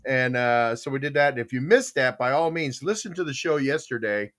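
A man's voice: mid-range voice, brisk, fairly bright tone. A man hosting a podcast in casual chat, rambling with many fillers and restarts as he tells a long joke. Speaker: podcast host.

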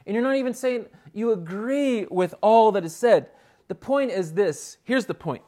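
High-voiced earnest male preacher. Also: expressive, moderate pace, warm tone. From United States. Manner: earnest, emphatic preaching with frequent restarts. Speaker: pastor. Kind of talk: sermon.

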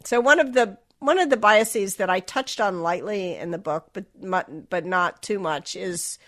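A woman's voice: mid-range voice, measured pace, a bit bright. A middle-aged woman from the American South, without a Southern accent, speaking as an interview guest in a reflective, self-deprecating way with frequent restarts. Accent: General American, Southern accent dropped. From Southern United States. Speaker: author and guest. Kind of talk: candid interview talk.

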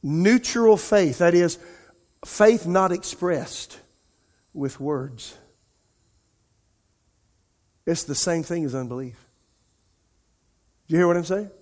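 A male pastor preaching an impassioned sermon, his voice rising and falling in loudness. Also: high voice, slow, pauses often. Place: church sanctuary. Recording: long reverb of a large church hall.

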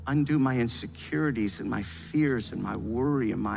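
A man preaching a sermon, emphatic and building to loud, fervent exhortation. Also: mid-range voice, moderate pace, creaky, hardly any pauses, soft background music. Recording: long reverb of a large hall.

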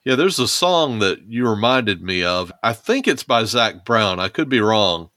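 A man's voice: fairly low pitch, very animated, a little slow, sharp tone, no echo, clean studio sound. A man hosting a podcast interview, chatting in an encouraging, conversational way. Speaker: podcast host. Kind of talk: casual interview chat.

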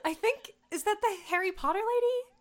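A woman's voice: very high voice, brisk. A woman in casual chat, laughing often and chiming in with asides about a movie.

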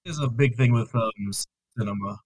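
A man with a mid-range voice talks in a casual group chat. He lays out his point thoughtfully and steadily, pausing now and then to find his words. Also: medium pitch. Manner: thoughtful, measured explanation with hesitations.

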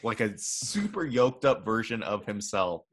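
Very animated yet a little slow, his lowish voice belongs to a young adult podcast co-host. He chats casually, meandering through an invented story.

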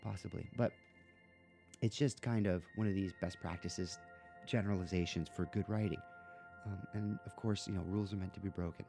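A man's voice: low voice, steady tone, fairly quick, vocal fry, warm tone, soft background music. A man hosting a podcast, chatting casually about a book and rambling through his points with lots of fillers and restarts. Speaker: podcast host.

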